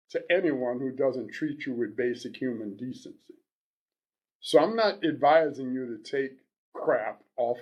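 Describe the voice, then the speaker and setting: A man in his sixties reading aloud as an older male advice columnist, blunt and earnest, in a measured, preachy delivery. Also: medium pitch, highs cut off, lightly acted. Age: 60s.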